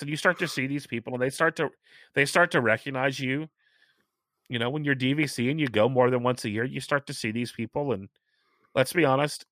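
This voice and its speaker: A middle-aged man hosting a casual chat, talking chattily and stressing key points by slowing down. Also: mid-range voice, fairly bright tone, dry recording, clean studio sound. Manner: chatty, emphatic, repeats points slowly for stress.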